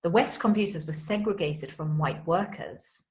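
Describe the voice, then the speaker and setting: A woman's voice: on the low side, moderate pace, a little mellow, poor audio. A female primary school teacher giving a home-school history lesson, explaining things simply and kindly for children.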